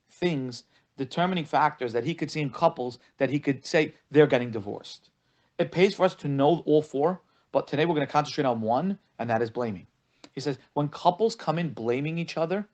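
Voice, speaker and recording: A man's voice: fairly high pitch, normal speed. A man, a rabbi, teaching a lesson on marriage, telling stories and acting out the people he quotes, often repeating words for emphasis. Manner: animated storytelling, acting out quoted callers. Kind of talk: spoken lesson.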